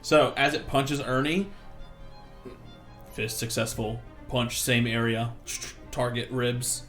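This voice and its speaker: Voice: medium pitch, fairly even intonation, slow. Laughing game master with music under. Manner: laughing, wry asides. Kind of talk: running a tabletop game.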